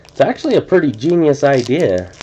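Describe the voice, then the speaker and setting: With big pitch swings and a mellow mid-range voice, a man hosts a card-breaking live stream at a slightly quick pace. He chats casually, muses aloud and frequently restarts his sentences, all captured in dull lo-fi audio with faint noise.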